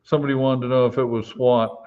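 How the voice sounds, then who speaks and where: A man, a retired police officer, telling a story slowly in casual live-stream chat, pausing often with fillers. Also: medium pitch, flat delivery, a little mellow, dull audio. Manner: slow, halting anecdote with many fillers.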